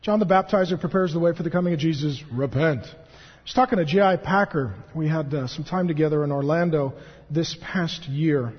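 A man in his thirties preaching a sermon as a pastor, animated and joking as he tells stories. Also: on the high side, brisk, husky. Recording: dull, echoey hall recording.

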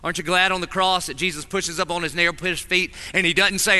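A man preaching a sermon in a chapel, animated and acting out little scenes with different voices. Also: high voice, brisk, few pauses. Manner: animated, acts out voices in stories. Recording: long reverb of a large hall.

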